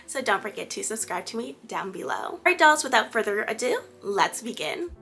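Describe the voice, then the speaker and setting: A woman's voice: fairly high pitch, sing-song, fairly quick, vocal fry, over music. A woman giving friendly, chatty advice in a casual vlog, often checking in with "right?". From Caribbean family background. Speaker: lifestyle vlogger.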